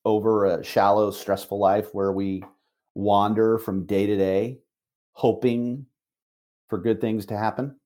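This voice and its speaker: A man's voice: on the low side, level tone, warm tone. Emphatic middle-aged man coaching. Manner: emphatic, repeats key phrases, slow deliberate stresses. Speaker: managing broker and coach. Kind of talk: motivational talk on a call.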